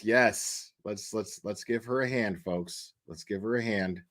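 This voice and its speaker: A man hosting a reaction commentary, sarcastic and quick to laugh. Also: fairly low pitch, a bit bright, dry recording. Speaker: commentary host.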